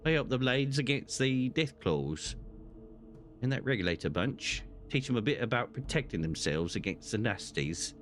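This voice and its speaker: A man's voice: mid-range voice, sing-song, normal speed, a bit bright, soft background music. A man voicing a strong, stout, bearded male brawling trainer from a game, trying for an Irish or Cockney lilt. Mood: gruff friendly.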